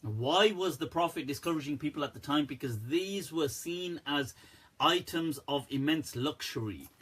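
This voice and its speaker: A man, an Islamic scholar, answering viewer questions on a live stream in a candid, animated way, laughing often. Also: on the high side, moderate pace, husky.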